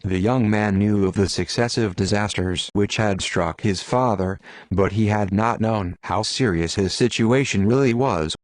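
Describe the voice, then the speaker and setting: Audiobook reader: steady man, low-pitched, dry booth sound. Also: measured pace, no echo. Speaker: audiobook narrator. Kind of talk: scripted narration.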